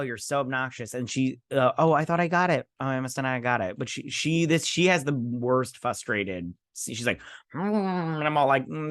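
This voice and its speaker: A man's voice: mid-range voice, fairly bright tone, no room sound, studio quality. Sarcastic rambling man recapping a show. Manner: sarcastic, rambling, quotes characters in put-on voices. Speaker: host. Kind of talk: casual episode recap.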